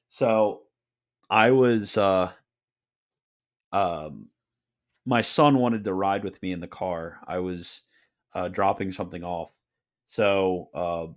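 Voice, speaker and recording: A young man with a deep, low voice hosts a livestream Q&A. He reads chat questions and tosses back offhand, deadpan answers with a joking edge. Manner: offhand, deadpan, quick jokey replies. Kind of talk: casual livestream Q&A.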